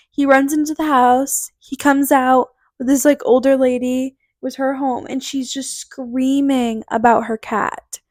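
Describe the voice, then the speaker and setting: A young woman in her twenties chats her way through rambling stories, dropping "like" often and acting out quotes. Her voice sits high. It is recorded dry and close on a podcast mic. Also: darkish tone, dry recording. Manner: chatty, rambling, full of "like" and quoted dialogue. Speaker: podcast host. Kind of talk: casual storytelling monologue.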